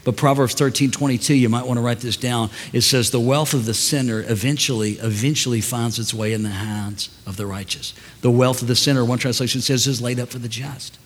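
Older pastor preaching in a reverberant church. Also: male voice, medium pitch, fairly even intonation, brisk, few pauses. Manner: storytelling, swings from quiet asides to loud preaching. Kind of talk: sermon. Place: large church hall.

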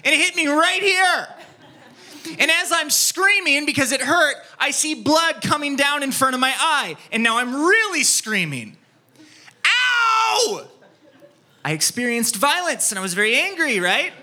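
Animated, bright-voiced male pastor. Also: very high voice, moderate pace. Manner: animated storytelling, acts out scenes, drops soft for key points. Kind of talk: sermon with personal story.

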